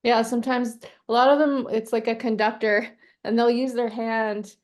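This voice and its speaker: A woman respiratory therapist hosting a casual group chat, telling animated stories and laughing often. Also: on the high side, normal speed.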